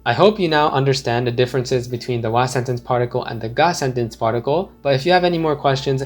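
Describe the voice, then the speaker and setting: A man teaching a language lesson, explaining slowly and deliberately and repeating his example phrases. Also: medium pitch, faint music behind.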